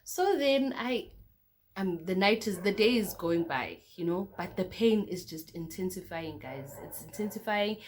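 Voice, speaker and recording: A young South African woman vlogger tells a personal story to camera in a fairly low, expressive voice at a measured pace, with slight background noise. She is chatty and casual, calling her viewers "guys" and saying "okay, cool" between beats.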